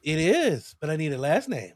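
A man's voice: a little high, very animated, normal speed, no echo, clean studio sound. A man hosting a casual podcast quiz game, joking and swearing as he reads the clues. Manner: joking, profane, laughs a lot. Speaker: quiz host.

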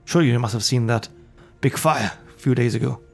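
A man running a tabletop game as game master, voicing a merchant in a relaxed, chatty way. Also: mid-range voice, moderate pace, creaky, slightly rough, soft background music.

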